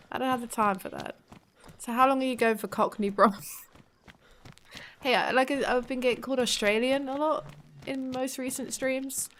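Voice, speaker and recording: A woman's voice: medium pitch, a bit bright, a little hiss or hum. An English woman live-streaming a game, chatting casually, laughing often and swearing freely. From England. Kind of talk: casual live-stream chat while gaming.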